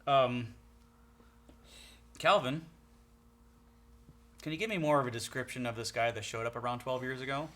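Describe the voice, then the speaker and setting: A man playing a paladin in a tabletop game, speaking calmly and steadily. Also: medium pitch, normal speed, pauses often. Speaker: player. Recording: faint background noise.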